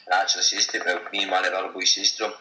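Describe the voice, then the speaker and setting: A man's voice: low voice, monotone, rapid-fire, echoey room, background noise. A Scottish man telling a story as a guest in casual chat, swearing freely and laughing as he talks. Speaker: guest, supporters' group member.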